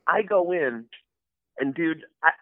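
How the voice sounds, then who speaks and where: A man who works as a voice actor and impressionist, telling stories in a casual interview and acting out quotes with big jumps in pitch. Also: expressive, slow pace, no echo. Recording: tinny phone-like line, dry.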